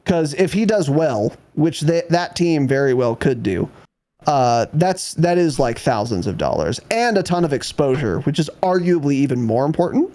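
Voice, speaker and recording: A man's voice: fairly high pitch, sing-song, normal speed, mellow. Blunt, wry podcast co-host man. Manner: blunt, sardonic, swears freely. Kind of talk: casual podcast chat.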